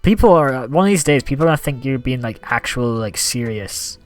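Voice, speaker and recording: A man's voice: medium pitch, brisk. Young guy chatting on stream, voice bounces all over, faint music behind. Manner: chatty, reads out gift thanks, animated. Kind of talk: casual gaming livestream chat.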